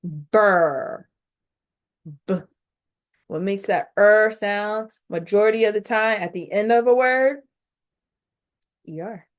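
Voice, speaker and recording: A woman teaching a phonics lesson on video, speaking directly to her learners, sounding out each syllable and encouraging them along. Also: medium pitch. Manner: slow, instructive, sounding out syllables.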